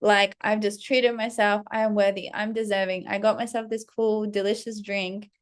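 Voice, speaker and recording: A woman telling a casual story in a vlog, animated and swearing constantly as she acts out her own reactions. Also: medium pitch, normal speed, clear, resonant tone. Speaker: vlogger, self-leadership coach. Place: Paris.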